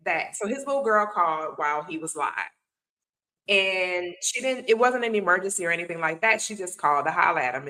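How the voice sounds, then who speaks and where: Bright-voiced woman hosting an animated chat. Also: on the low side, low-quality recording. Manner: animated storyteller, acts out quotes. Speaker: host. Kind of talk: casual talk-show chat.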